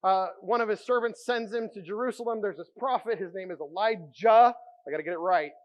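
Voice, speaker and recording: A man preaching a sermon as pastor, telling stories with animated energy and dropping to a hush for quiet moments. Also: high-pitched, brisk, poor audio. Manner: animated storytelling, drops to a hushed voice for quiet moments.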